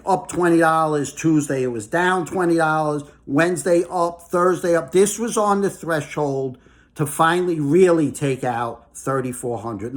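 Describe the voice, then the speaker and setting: A man giving an angry, emphatic monologue about the markets, who keeps tagging his points with "okay?" and "all right?". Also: a little high. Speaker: market commentator. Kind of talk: casual ranting monologue.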